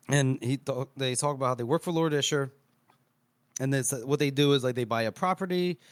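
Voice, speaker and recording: A man co-hosting a podcast retells a story in a loose, rambling way and swears casually. His voice sits at an ordinary pitch for a man. The sound is dry and close, with no room behind it. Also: fairly bright tone, no room sound. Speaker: podcast co-host recapping chapters.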